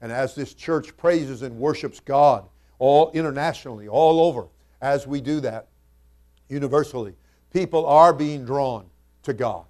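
A senior pastor, male, preaches at a medium pitch and a measured pace. His delivery is casual and thoughtful, swelling into loud, emphatic passages when he reads scripture in archaic language.

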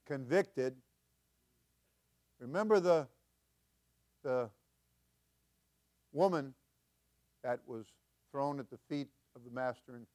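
An older man preaching as senior pastor, folksy and chuckling, building to loud emphatic peaks. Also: medium pitch. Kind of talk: sermon.

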